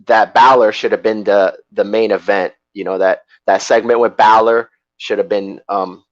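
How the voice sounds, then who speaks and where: A man's voice: fairly low pitch, steady tone, normal speed, no echo. Rambling man, slightly dull dry mic. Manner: rambling, hesitant, repeats himself. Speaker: podcast co-host. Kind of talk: casual chat.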